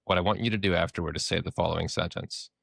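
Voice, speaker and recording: A man's voice: low-pitched, steady tone, racing, vocal fry, a bit bright, slightly rough, dry recording, studio quality. A man with a Minnesotan accent, co-hosting a podcast in playful, joking casual chat. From Minnesota, USA. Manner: playful, swears casually, jokey. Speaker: podcast co-host.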